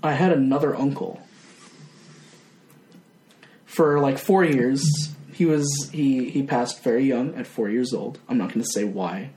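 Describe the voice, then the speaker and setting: A man's voice: mid-range voice, measured pace, long pauses, warm tone. A young man co-hosting a podcast in casual chat, teasing and playful. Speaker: podcast host. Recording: echoey room with faint ambience.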